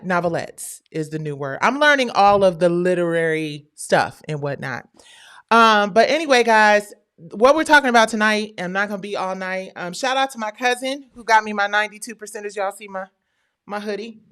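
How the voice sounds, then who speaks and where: A middle-aged woman hosting a livestream, talking in a casual, animated, slangy way. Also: mid-range voice, moderate pace, clean tone. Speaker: livestream host.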